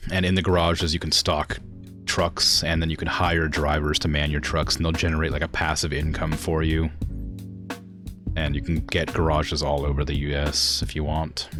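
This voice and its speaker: A man from the United States chatting casually on a gaming livestream, talking in a relaxed, loose way that slurs his words. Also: rumbling low. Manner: relaxed, slurred, loose speech. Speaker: streamer.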